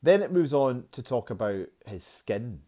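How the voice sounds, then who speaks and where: A man's voice: medium pitch, very animated, a little slow, warm tone. A man, teaching a poetry lesson in a chatty, self-mocking way, with fillers.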